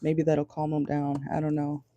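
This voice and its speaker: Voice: medium pitch, monotone, moderate pace, mellow, highs cut off, a little hiss or hum. A tarot reader giving a casual channeled reading from a car, talking bluntly, swearing and laughing often. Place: parked car.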